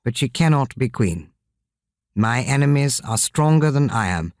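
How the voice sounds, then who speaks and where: A man voicing a gentle, sorrowful young king. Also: mid-range voice, animated, normal speed, no room sound, clean studio sound, pitched above the performer's own voice, close to an everyday voice. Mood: sad, earnest. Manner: soft, earnest lines. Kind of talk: audiobook character reading.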